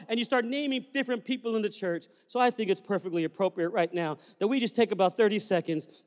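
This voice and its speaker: A male pastor preaching a sermon in a church, telling stories and then fervently urging the congregation to praise. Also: high-pitched. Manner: storytelling, fervent, exhorting. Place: church sanctuary. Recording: reverberant church hall.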